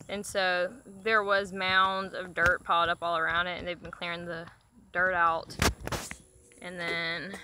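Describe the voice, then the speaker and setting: Woman, casual outdoor phone vlog, bright tense voice, faint hiss behind, talks straight to her viewers. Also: medium pitch, rough recording. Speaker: vlogger showing her property. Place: outdoors on rural property.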